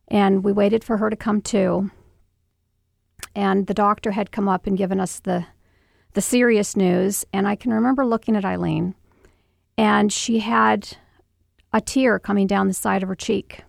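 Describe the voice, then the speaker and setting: Gravelly middle-aged woman telling a hard story. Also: medium pitch, no echo, studio quality. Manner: halting, emotional, many restarts and fillers. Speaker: guest, mother. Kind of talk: personal storytelling interview.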